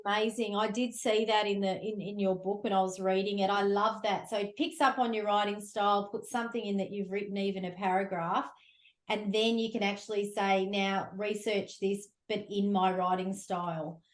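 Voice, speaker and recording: A woman hosts a podcast interview with a conversational, enthusiastic manner. Her mid-pitched voice rings in a noticeably roomy echo. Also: steady tone, normal speed. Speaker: podcast host.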